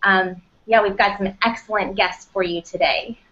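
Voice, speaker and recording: A woman co-hosting a casual live talk show, speaking in a measured way and inviting the audience to send questions. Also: medium pitch, steady tone, a bit bright. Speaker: co-host. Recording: muffled lo-fi audio.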